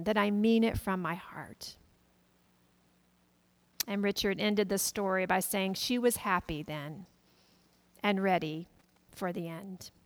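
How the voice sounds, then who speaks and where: A woman pastor preaching a sermon, gently retelling a family story to her congregation. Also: medium pitch. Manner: gentle storytelling, quoting family members softly.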